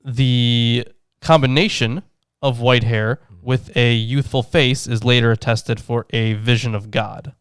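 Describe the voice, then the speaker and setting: A man's voice: mid-range voice, steady tone, unhurried, clean tone, dry recording, studio quality. A man co-hosting a casual podcast, reading scholarly commentary and cracking profane jokes. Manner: joking, profane asides, reads scholarly notes. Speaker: podcast co-host.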